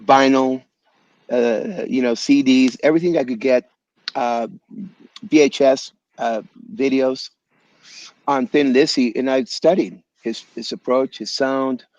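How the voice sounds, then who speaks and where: A man being interviewed as a guest musician over a video call, telling animated stories in a loose, slangy way and calling people "man" and "bro". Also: medium pitch, a little slow, no echo, highs cut off. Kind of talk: casual storytelling interview. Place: home in Los Angeles area.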